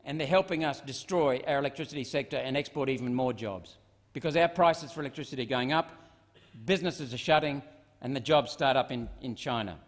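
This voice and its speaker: A man's voice: medium pitch, a little fast. A middle-aged Australian man giving a combative parliamentary speech, firing off repeated rhetorical questions. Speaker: senator. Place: parliament chamber. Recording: long reverb of a large chamber.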